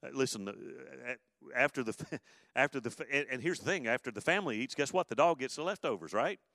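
A man preaching a sermon in an animated way, with sudden loud emphatic bursts. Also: medium pitch, brisk, gravelly, no echo, clean studio sound. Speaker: pastor.

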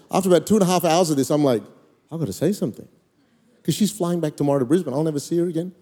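A pastor delivers a storytelling sermon, spinning a funny personal tale for his congregation with lively energy shifts and sudden loud, excited peaks. His rapid-fire voice is fairly high for a man yet mellow and dark in tone. The sound echoes through a large church hall with a long reverb tail.

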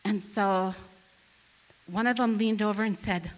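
In a big-room recording, a woman from northern Wisconsin shares a humorous personal story with an audience, lively and acting out quoted voices. Her mid-range voice runs a little slow.

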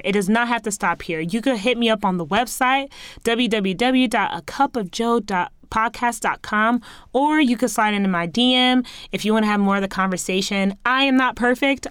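A woman hosting her own podcast, talking to listeners in a casual, earnest and encouraging way. Her voice is smooth and clear, and it sits at a middle pitch. The sound is close and dry, with no room around it. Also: a bit bright, no echo. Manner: earnest and encouraging, rising upbeat sign-off. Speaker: podcast host. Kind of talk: casual solo podcast talk.

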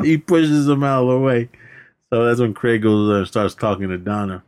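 A man's voice: medium pitch, fairly quick, darkish tone. A man co-hosting a movie podcast, recapping scenes in casual chat, laughing often and acting out the characters' lines in a raised voice. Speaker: podcast co-host.

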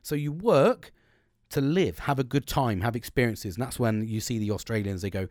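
A man's voice: medium pitch, expressive, normal speed, darkish tone, dry recording, clean studio sound. Blunt, swearing British man. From Britain. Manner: rambling, heavy swearing, blunt. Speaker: podcast co-host. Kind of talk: casual chat.

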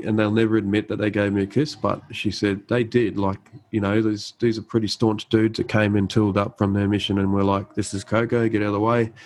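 A guest army medic in his thirties tells a casual story in a fairly low-pitched, darkish voice. He's relaxed, keeps restarting and using fillers, and acts out quoted lines. The recording is low quality.

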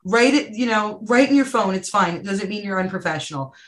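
A woman guest on a podcast, chatting casually and emphatically in quick bursts about her writing. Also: mid-range voice, expressive, a bit bright. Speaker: podcast guest, writer and anthology editor. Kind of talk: casual chat.

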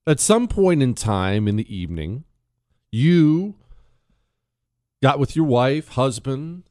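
A man hosting a talk radio show, telling a story in a dramatic monologue that swings between hushed and emphatic. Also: medium pitch, no room sound, clean studio sound. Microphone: studio microphone.

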